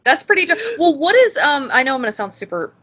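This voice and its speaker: A woman's voice: high voice, sing-song, fast talker, a bit bright. A woman co-hosting a podcast in casual chat, asking hesitant, self-correcting questions. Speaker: podcast co-host. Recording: slightly dull audio.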